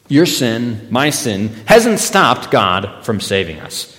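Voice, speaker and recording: A man's voice: medium pitch, very animated, slow, a bit bright. A man giving a sermon as pastor, talking in a conversational way, with stories and emphatic rises. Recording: long reverb in a hall.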